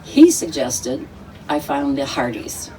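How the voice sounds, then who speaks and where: A woman with a low, mellow voice tells personal stories at a conference, rambling and laughing as she goes. She sounds set back from the microphone, with a faint hiss behind her. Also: a little slow. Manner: rambling, laughs often, acts out quoted voices. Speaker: conference speaker. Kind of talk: personal storytelling talk. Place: conference venue. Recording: distant mic with faint noise.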